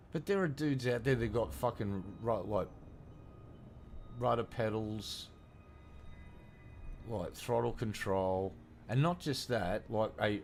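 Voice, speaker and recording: Swearing Australian man, low voice. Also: darkish tone, slight background noise. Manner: profane, ranting, blunt. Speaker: game streamer. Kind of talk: casual gameplay commentary.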